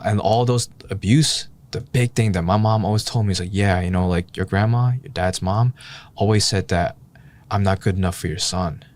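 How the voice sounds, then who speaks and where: A man with a low, deep voice, co-hosting a podcast in a relaxed, heartfelt conversation. He reflects openly and candidly, thinking out loud and letting out the odd sigh as he works through his thoughts. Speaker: podcast co-host. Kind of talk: casual heart-to-heart chat.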